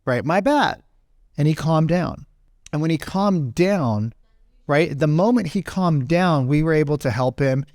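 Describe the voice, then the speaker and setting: A man's voice: fairly high pitch, expressive, measured pace, a little mellow, no echo, studio quality. Man telling a rambling business story. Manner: rambling, keeps asking "right?". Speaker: business speaker. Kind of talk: casual storytelling talk.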